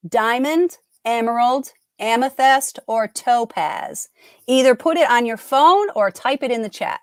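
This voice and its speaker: A middle-aged woman's voice sits on the high side and moves a little slowly, recorded clean in the studio with no room sound. Hosting live trivia, she chats cheerfully and casually, frequently cutting herself off.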